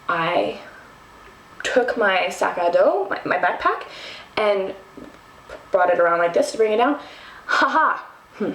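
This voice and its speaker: A young woman from Texas telling a travel story to the camera, animated and self-mocking, with lots of ums and restarts. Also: a little high, vocal fry, a little hiss or hum. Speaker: vlogger. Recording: roomy, from a distance.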